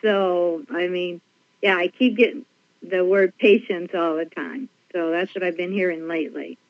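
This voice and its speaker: A woman's voice: on the low side, fairly even intonation, moderate pace, dry recording, dull audio. A woman calling in to a radio show, giving brief, casual replies. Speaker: radio caller.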